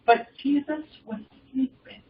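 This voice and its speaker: A young man leading an informal Bible study, reading passages and commenting in a halting, rambling way with many fillers and restarts. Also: very high voice, slight background noise. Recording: distant mic in a roomy space, dull sound.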